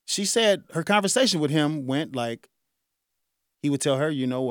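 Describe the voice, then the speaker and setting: A man in his forties hosting a radio talk show, speaking in a casual, animated way with frequent chuckles. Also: fairly high pitch, moderate pace, clear, resonant tone, no room sound, studio quality. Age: 40s. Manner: animated, conversational, chuckles often. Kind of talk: solo talk radio monologue.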